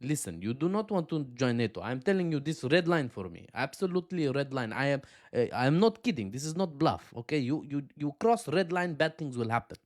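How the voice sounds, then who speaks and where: A man voicing Russia as a stern man who gives warnings in broken, halting English. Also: a little high, sing-song.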